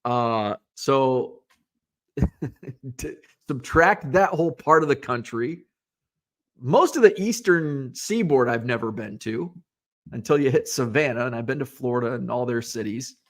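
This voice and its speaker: Lively, rambling man hosting a podcast. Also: medium pitch, a little slow. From Illinois. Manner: rambling, lots of fillers and asides. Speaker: podcast host. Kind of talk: casual live-show chat, reading viewer comments.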